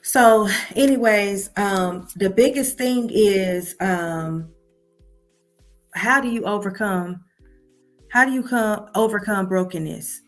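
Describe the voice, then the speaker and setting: A woman hosts a casual livestream in an unhurried, drawn-out way. She chats loosely and keeps calling her viewers y'all. Faint music plays behind her. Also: mid-range voice. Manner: chatty, addresses audience as y'all. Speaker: livestream host.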